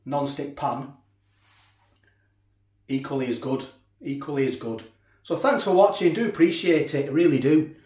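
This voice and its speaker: A man's voice: medium pitch, unhurried, long pauses, a little mellow, roomy sound. A man casually reviewing food for his vlog, chatting while he eats. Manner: chatty, talks while eating. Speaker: food vlogger.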